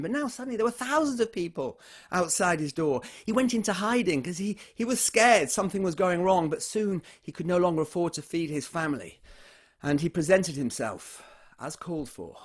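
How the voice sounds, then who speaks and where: A man telling a folk tale aloud, animated and swinging between loud and hushed delivery. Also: high voice, brisk, husky. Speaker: storyteller. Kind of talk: oral folk storytelling.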